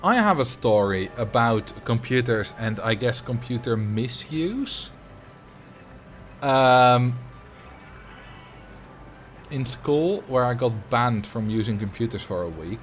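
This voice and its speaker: A man's voice: mid-range voice, expressive, slow, pauses often, soft background music. A man in his late twenties hosting a livestream, telling rambling anecdotes in casual chat. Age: late 20s. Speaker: livestream host.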